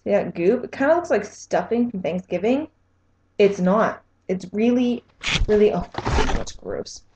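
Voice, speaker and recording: A woman's voice: mid-range voice, normal speed, warm tone, a little hiss or hum. A young woman in a casual vlog, squeamish and self-mocking as she talks to the camera. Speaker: vlogger. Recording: echoey room.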